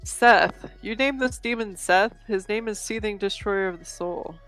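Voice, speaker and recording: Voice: mid-range voice, a little slow, a bit bright, soft background music. A podcast co-host in casual chat, playful and teasing, reading passages aloud for laughs.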